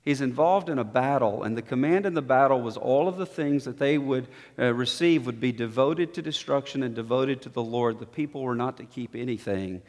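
A man preaching a sermon as pastor, swinging between quiet, low-spoken passages and emphatic, raised declarations. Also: brisk, few pauses. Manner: dynamic preaching, dropping to soft low tones and rising to emphatic. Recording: long reverb of a hall.

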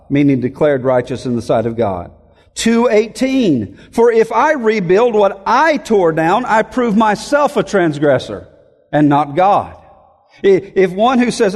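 A man's voice: high voice, a little mellow, big-room sound. A man preaching a sermon, reading scripture verses aloud and explaining them phrase by phrase. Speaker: pastor.

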